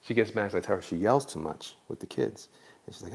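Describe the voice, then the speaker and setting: A man's voice: on the low side, animated, fast, creaky, slight background noise. A man in Florida chatting casually with viewers on a livestream while he draws, laid-back and jokey. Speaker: livestream artist.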